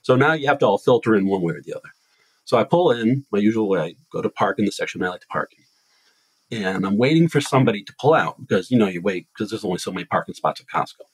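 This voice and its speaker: Podcast host, man from Massachusetts; husky, very lively pitch, rambling teller. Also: fast talker, dry recording, low-quality recording. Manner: rambling animated storytelling with restarts. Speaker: podcast host telling a story. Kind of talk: casual chat.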